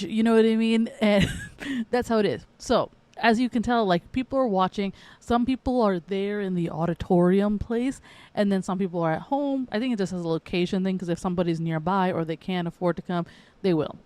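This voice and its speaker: A woman's voice: medium pitch, moderate pace, darkish tone. A young adult woman from the northeastern United States hosting a casual solo podcast, rambling, correcting herself and laughing often. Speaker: podcast host.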